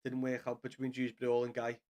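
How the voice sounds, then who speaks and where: A man's voice: medium pitch, completely flat delivery, fairly quick, a little mellow. A man with a Scouse accent giving sweary, frustrated live commentary to viewers as he watches a football match from a small home studio. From Liverpool, England.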